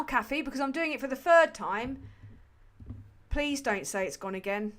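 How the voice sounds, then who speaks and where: A woman's voice: high-pitched, expressive, normal speed, a bit bright. A woman hosting a livestream, chatting casually about politics in a sweary, rambling, sardonic way full of fillers. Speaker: livestream host.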